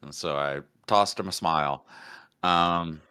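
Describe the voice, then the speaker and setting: A low-voiced man co-hosting a casual podcast, riffing playfully and joking through his stories. His tone is forceful and bright, with a deep pitch that carries. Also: a little slow, smooth. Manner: joking, riffing on silly bits. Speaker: podcast co-host. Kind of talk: casual comedic chat.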